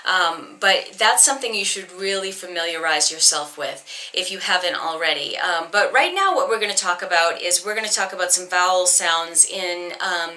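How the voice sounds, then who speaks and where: Bright-toned singing teacher lady, chatty, lots of ums, keeps her accent neutral. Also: fairly low pitch, animated, normal speed, few pauses. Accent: neutral American, trying to hide a Boston accent. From Boston, northeastern United States. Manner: chatty, explanatory, many ums and restarts. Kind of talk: recorded online voice lesson.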